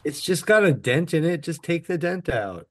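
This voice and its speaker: A man's voice: fairly high pitch, sing-song, moderate pace. A man co-hosting a casual watch-along podcast, making wisecracks. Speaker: podcast co-host.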